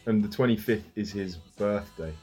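Dry, low-key man chatting. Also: moderate pace, a little mellow, soft background music. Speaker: podcast co-host. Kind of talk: casual chat.

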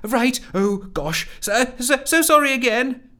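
A man putting on a squeaky, bumbling woman who never gets a sentence out cleanly. She stutters and apologizes in a lilting, lively voice pitched far above his usual register. It plays like a character voice in a storybook audiobook. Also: slow pace, heavily acted. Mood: apologetic. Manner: stammering, gushing apologies. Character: flustered, apologetic, bumbling woman office worker.

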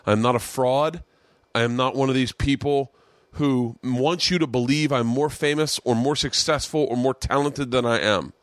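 A man's voice: mid-range voice, normal speed, no room sound. A man hosting his podcast, telling a long story in a loose, profane, rambling way. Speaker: podcast host. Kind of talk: casual storytelling chat.

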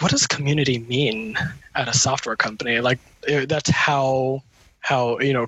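A man's voice: mid-range voice, sharp tone, breathy edge, no echo, rough recording. A man speaking as an interview guest, telling his story casually with lots of fillers and restarts. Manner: rambling, many fillers and restarts. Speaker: interview guest, community manager.

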